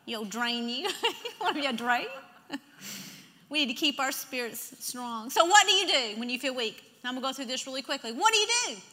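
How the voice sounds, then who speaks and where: A woman's voice: sits high, expressive, brisk, sharp tone. A woman preaching a sermon in a church, emphatic, leading the congregation in repeating scripture aloud. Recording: long hall reverb.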